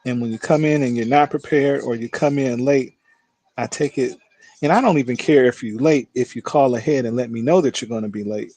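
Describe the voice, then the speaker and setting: A man's voice: mid-range voice, brisk, dry recording. A man who is a judge, telling courtroom stories as a guest in a casual interview. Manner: lively storyteller who acts out voices.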